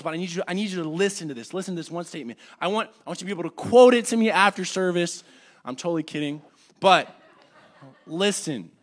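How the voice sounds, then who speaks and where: A young man teaching an adult church class, earnestly swinging between loud urging and hushed reflection. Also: a little high. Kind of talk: sermon.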